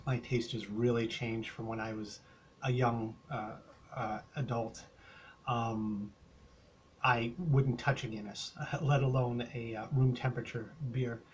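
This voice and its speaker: Older man, Canadian accent, rambling, hesitant, mid-pitched voice, faint background noise. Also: level tone, unhurried, lo-fi sound. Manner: rambling, hesitant, many fillers. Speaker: beer reviewer vlogger. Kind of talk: casual rambling beer review.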